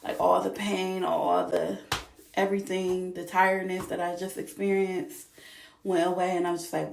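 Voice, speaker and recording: A young woman telling her birth story in a lively, expressive way, with features. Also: fairly low pitch, moderate pace, creaky. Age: young adult. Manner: animated, expressive, vivid retelling. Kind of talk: casual storytelling to camera. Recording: roomy echo.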